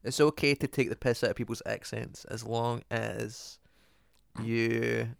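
A man's voice: medium pitch, fairly even intonation, unhurried, gravelly, clear, resonant tone, no room sound, studio quality. A man co-hosting a comedy podcast, making sardonic quips. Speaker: podcast co-host. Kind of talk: casual comedic chat.

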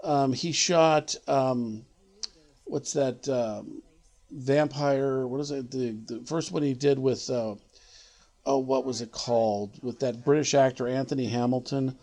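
A man's voice: mid-range voice, fairly even intonation, measured pace, darkish tone. A middle-aged man, a line producer, telling an anecdote in an interview, rambling and restarting as he searches for words.

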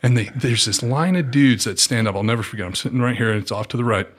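A man from Southern California, a podcast guest telling his story in a relaxed, slangy way and acting out the dialogue. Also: fast, slightly rough. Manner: animated, acts out quoted dialogue with swings in pitch; laid-back slangy talk with frequent fillers. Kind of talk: casual storytelling interview.

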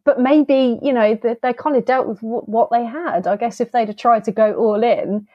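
A woman's voice: a little high, moderate pace, no echo, lo-fi sound. Chatty woman, dry close sound. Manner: animated, chatty, acts out quoted lines. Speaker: film review podcast co-host. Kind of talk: casual chat.

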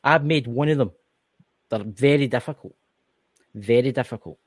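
A man's voice: mid-range voice, moderate pace, no echo. A Scottish man co-hosting a casual podcast, joking and rambling with plenty of swearing. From Scotland. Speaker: co-host.

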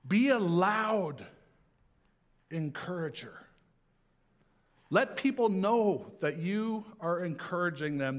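Animated man preaching a sermon. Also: on the high side. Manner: conversational, animated, slows for emphasis.

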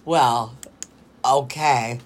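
A woman's voice: very deep voice, fairly even intonation, very slow. A middle-aged woman hosting a radio call-in show, chatty and rambling, laughing often. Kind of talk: casual radio chat. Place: radio studio.

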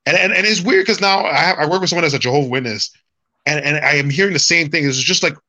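A man with a slightly high, bright voice chatting on a podcast. He rambles through his stories, restarting often and swearing casually. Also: fast talker. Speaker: podcast co-host. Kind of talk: casual chat.

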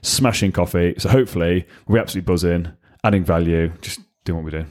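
A man's voice: low voice, fast, darkish tone. A young man hosting a podcast in casual chat, chatty and rambling with lots of fillers and restarts. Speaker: podcast host.

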